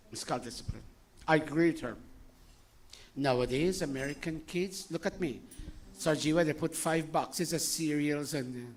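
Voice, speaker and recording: Animated older man preaching. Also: on the high side, normal speed. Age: 60s. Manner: animated, scolding, jokey asides, rhetorical questions. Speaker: spiritual teacher. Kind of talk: informal sermon to a congregation.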